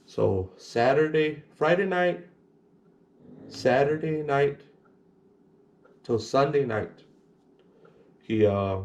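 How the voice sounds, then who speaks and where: A man's voice: mid-range voice, lively intonation, very slow, pauses often, lo-fi sound. A man casually telling a personal story to the camera, rambling and repeating words, sometimes acting out other people in a whisper.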